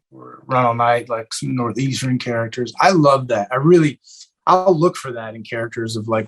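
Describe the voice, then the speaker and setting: A young adult man from Eastern Kentucky, answering interview questions in a relaxed way with many fillers and restarts. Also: medium pitch, rough recording. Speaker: actor guest.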